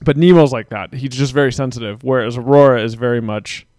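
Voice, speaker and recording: A man's voice: medium pitch, quick pace, darkish tone, no room sound, studio quality. A man in his thirties, a father of young kids, rambling through a casual story with lots of swearing. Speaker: podcast co-host. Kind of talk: casual chat.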